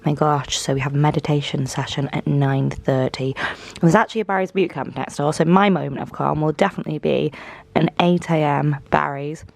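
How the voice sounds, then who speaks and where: A young woman vlogging casually from a hotel room, gushing and excitable with soft whispered asides, her voice going hoarse. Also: deep voice, brisk. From northern England. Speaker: lifestyle vlogger. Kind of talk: casual vlog chat.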